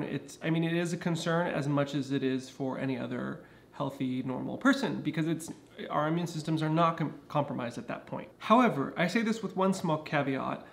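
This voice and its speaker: A man's voice: a little high, creaky. A man talking casually to his camera at home, explaining things earnestly with frequent restarts. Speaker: vlogger. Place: indoors at home.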